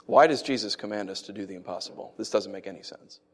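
A man preaching a sermon who tells stories with animated swings, then teaches in an earnest, conversational way. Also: fast. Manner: animated storytelling, lively swings in pitch and loudness. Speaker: pastor.

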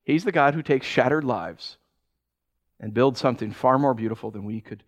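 A man's voice: mid-range voice, moderate pace. A pastor preaching a sermon, talking animatedly and acting out the people he quotes. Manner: animated, acts out quoted voices.

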